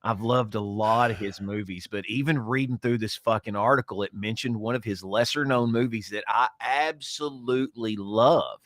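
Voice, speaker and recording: A man co-hosting a casual talk show, chatting and telling stories in an expressive way. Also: fairly low pitch, normal speed, few pauses, dry recording, studio quality. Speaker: co-host. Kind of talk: casual chat.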